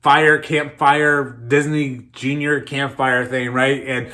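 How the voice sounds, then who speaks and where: A man's voice: medium pitch, level tone, slow, bright, forceful tone. A man in his thirties preaching a sermon in a conversational way, often repeating words as he starts his sentences. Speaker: pastor.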